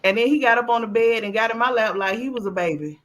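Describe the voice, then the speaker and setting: A woman hosting a podcast who tells stories from family life in a blunt, profane, animated way, acting out the voices she quotes and laughing often. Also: on the high side, fast. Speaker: podcast host. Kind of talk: casual storytelling chat.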